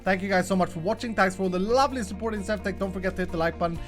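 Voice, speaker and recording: An upbeat man talks casually over his gameplay, laughing often as he goes. His voice sits a little higher than most men's. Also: very fast, faint music behind. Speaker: host.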